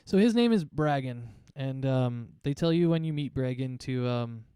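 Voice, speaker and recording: A man acts as game master, narrating a tabletop game in a relaxed, rambling way with lots of fillers. His voice is mellow and smooth, and the sound is close and dry. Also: mid-range voice, moderate pace, no echo.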